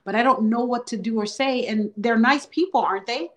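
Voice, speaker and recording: A woman from Texas, a podcast guest telling a personal story earnestly, growing quiet at painful moments. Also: fairly high pitch, a little fast.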